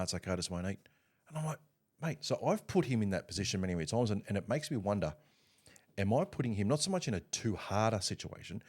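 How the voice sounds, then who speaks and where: A middle-aged man chatting on a podcast, thoughtful and questioning himself as he talks. His voice is very low. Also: darkish tone. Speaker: podcast co-host. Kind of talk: casual chat.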